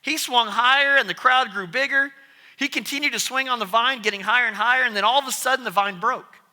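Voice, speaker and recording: A man preaching a sermon as pastor, telling stories in an animated way. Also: extremely high pitch, fast talker. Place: church sanctuary. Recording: long church reverb.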